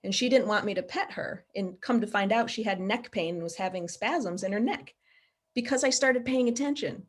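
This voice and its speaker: A woman's voice: medium pitch, moderate pace. A woman, an animal behaviour expert, talking earnestly and practically in a casual interview over a video call. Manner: earnest, practical, explains with everyday examples.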